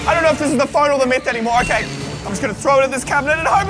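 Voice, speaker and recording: A man giving excitable, panicky gaming commentary to his viewers. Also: very high voice, rapid-fire. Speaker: gaming YouTuber. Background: background music.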